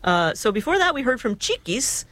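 A woman's voice: fairly high pitch, big pitch swings, moderate pace, a bit bright. A woman co-hosting a radio music show, chatting casually with many fillers and frequent laughs.

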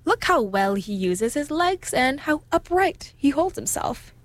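Fretful mother duck, storybook, fussy, lively, woman reading aloud, higher voice. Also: unhurried, no room sound. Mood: proud.

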